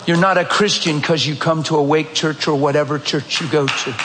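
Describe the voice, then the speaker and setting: A male pastor preaching a sermon in a church, telling stories in a direct, animated, conversational way. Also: on the high side, a little fast, noisy background. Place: church sanctuary. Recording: echoey church hall, faint ambience.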